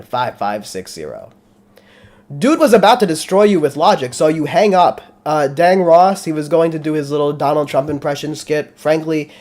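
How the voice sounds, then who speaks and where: A man's voice: on the high side, darkish tone. A male host of a live call-in debate stream, arguing bluntly and heatedly with frequent swearing.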